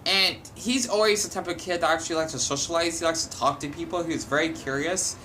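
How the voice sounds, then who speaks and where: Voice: mid-range voice, steady tone, fast, sharp tone, a little hiss or hum. A young adult vlogger talking at home in a chatty, wandering, self-deprecating way. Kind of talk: casual rambling chat.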